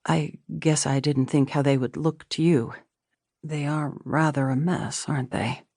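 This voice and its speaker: A woman reading the lines of a calm, steady young husband who speaks softly and evenly in an audiobook. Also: low voice, measured pace, no room sound, studio quality, voice pushed down. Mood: apologetic. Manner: calm, even and soft-spoken.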